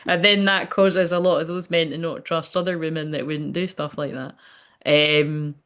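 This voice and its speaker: A woman's voice: deep voice, steady tone, normal speed, a bit bright. A woman hosting a medium's live stream in a rambling, candid way, reading viewer comments aloud and swearing freely. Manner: rambling, candid, swears freely, often asks "do you know what I mean".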